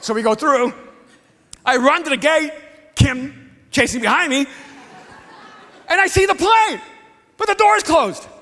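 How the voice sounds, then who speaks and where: A man in his fifties preaching a sermon as a pastor, telling a story with animated swings from hushed to shouting. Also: very high voice, unhurried, long pauses. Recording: long hall reverb.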